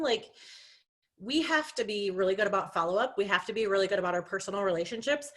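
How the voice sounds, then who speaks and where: A young woman talks quickly with lively intonation in a mid-range, slightly bright voice. It's a casual sales team training over video call, packed with filler words, restarts and jokes about herself.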